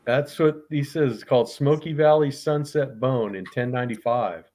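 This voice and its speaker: A man's voice: medium pitch, moderate pace, darkish tone. A man from Texas hosting a casual live video stream, reading out viewers' comments and inviting guests to speak. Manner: friendly, reads out chat comments. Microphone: video call.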